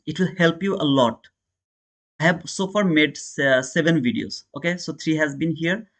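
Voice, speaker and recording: A slightly high, somewhat bright male voice belongs to a day trader hosting a live trading stream. With an Indian accent, he casually chats with viewers, calls them brother, and answers chat.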